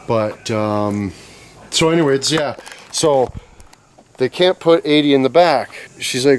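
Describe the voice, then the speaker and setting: A man's voice: medium pitch, unhurried, long pauses, a little mellow, smooth. A man, swearing freely and venting in casual chat while working on a trailer renovation. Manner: profane, exasperated storytelling. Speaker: vlogger. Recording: faint background noise.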